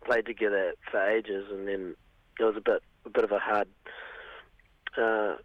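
A man with a New Zealand accent chats haltingly about his band, his voice slightly raspy from last night's gig. The sound is dull and dry, like it is coming down a phone line into a radio studio. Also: on the low side, little pitch movement, no room sound. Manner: hesitant, lots of ums and trailing off. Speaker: band singer, interview guest. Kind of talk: casual phone-in radio interview.

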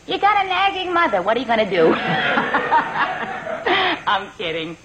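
A woman's voice: a little high, big pitch swings, normal speed, very noisy. A woman playing a doting, guilt-tripping middle-aged mother with a wheedling, melodramatic way of talking, heard on an old comedy record. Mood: nagging. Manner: wheedling, plaintive, melodramatic sighs and pleas.

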